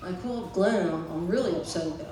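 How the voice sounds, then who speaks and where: Man in his sixties giving a eulogy in an echoey hall. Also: sits high. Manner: anecdotal, chuckling, halting with fillers. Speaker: family member giving a eulogy. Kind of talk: tribute speech with stories. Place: memorial gathering in a large hall. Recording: echoey hall from far off, noisy.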